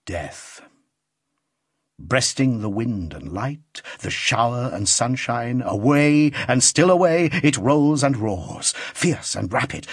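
A man narrates a classic novel with a rhythmic, building delivery. His voice is husky, and his pitch swings widely through the phrases. The recording is dry and close to the mic. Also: dry recording. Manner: rhythmic, building, dramatic reading. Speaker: audiobook narrator. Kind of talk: scripted narration.

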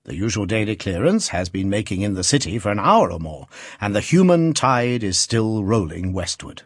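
A man's voice: on the low side, big pitch swings, normal speed, slightly rough, no room sound, clean studio sound. A man reading a classic novel aloud as an audiobook, in a rhythmic, dramatic, building style. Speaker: audiobook narrator. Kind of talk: scripted narration.

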